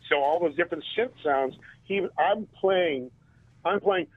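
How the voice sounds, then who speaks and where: Guy on a phone interview telling band stories, kinda high voice, laughs a lot, thin phone sound. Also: moderate pace, husky. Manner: animated, laughs often while telling stories. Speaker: interview guest, band drummer. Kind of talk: casual storytelling. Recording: tinny phone line.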